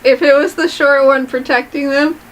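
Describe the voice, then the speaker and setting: Woman, co-host, casual chat, opinionated, chatty, high voice. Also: fairly even intonation, moderate pace, low-quality recording. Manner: chatty, opinionated, trails off into hedges.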